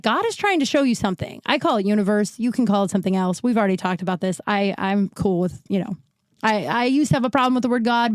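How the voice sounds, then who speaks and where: Still recovering from illness and short of breath, a candid woman in her thirties delivers a chatty solo podcast monologue on a new podcast mic, with a dry, close sound. She rambles frankly, full of likes and restarts, in a mid-range voice with no echo.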